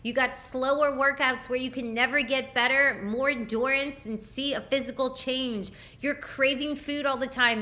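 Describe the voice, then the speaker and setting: A woman's voice: high-pitched, bright, forceful tone. A woman hosting a live nutrition training, coaching emphatically with rhetorical questions and frequent check-ins. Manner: emphatic, asks rhetorical questions and tags lines with "okay?".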